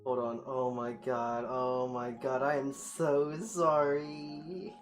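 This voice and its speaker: A woman's voice: a bass voice, level tone, takes it slowly. A woman streamer chatting live to her viewers, flustered, self-mocking and apologetic, often exclaiming. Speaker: virtual streamer. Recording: echoey room, faint background music.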